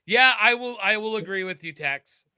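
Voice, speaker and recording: A man's voice: sits high, expressive, moderate pace, pushed and bright, clean tone, no echo. A Canadian man co-hosting a podcast in loose, profane, joking banter. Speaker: podcast co-host. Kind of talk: casual chat.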